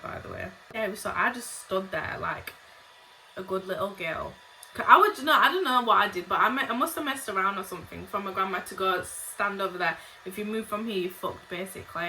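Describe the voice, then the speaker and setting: A woman's voice: mid-range voice, bright, forceful tone, slight background noise, poor audio. A young woman telling casual storytime tales to her viewers, blunt and full of swearing and chatty asides. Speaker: vlogger.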